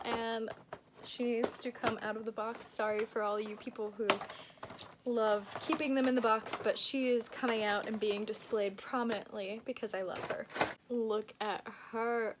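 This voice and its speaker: Young woman book vlogger, higher voice, giggly and gushing, casual chat, faint hiss. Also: flat delivery, moderate pace. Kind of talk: casual vlog chat, unboxing gifts.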